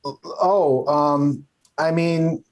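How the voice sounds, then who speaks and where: A man's voice: fairly high pitch, fairly even intonation. A man running a tabletop game as game master, narrating casually with many fillers and restarts. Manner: casual, halting, lots of fillers.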